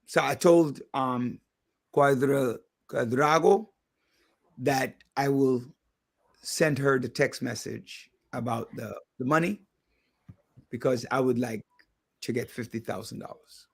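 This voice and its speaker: A man's voice: medium pitch, slow pace, gravelly, long pauses. A man hosting a radio talk show in a studio, chatting casually and airing his opinions as he thinks aloud.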